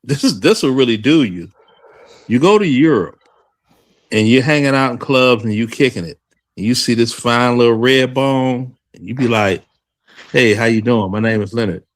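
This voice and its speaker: A man's voice: mid-range voice, moderate pace. A man hosting a casual group conversation, telling stories and acting out the voices of the people in them. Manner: animated storytelling, acts out quoted voices.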